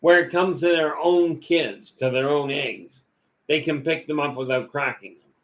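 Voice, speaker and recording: A man's voice: fairly high pitch, normal speed, poor audio. A man giving a rambling, folksy talk full of stories and asides as a vlog host. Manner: folksy, storytelling, many "you know" fillers.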